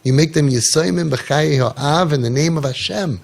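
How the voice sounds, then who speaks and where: A man's voice: on the high side, normal speed, vocal fry, hardly any pauses. A man coaching parents in an impassioned talk, telling stories and firing off rhetorical questions with emphasis.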